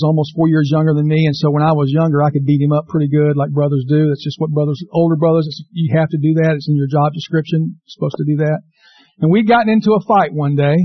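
A middle-aged man preaching with a high, bright-edged voice. He tells stories with humor and jumps into dramatic quoted voices. The sound is dry and a little dull. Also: no echo. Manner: lively storytelling preacher, acts out quotes in raised voice. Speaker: pastor. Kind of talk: sermon.

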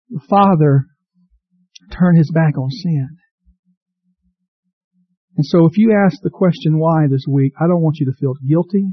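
A man's voice: a little high, measured pace, long pauses, no room sound, dull audio. A man preaching a sermon, reading scripture aloud and building to impassioned cries. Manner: reads scripture aloud to the congregation. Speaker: pastor.

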